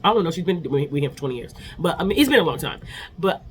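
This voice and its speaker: A woman's voice: low voice, animated, fast, a little hiss or hum. A woman in her forties giving a chatty, opinionated casual recap of reality TV episodes.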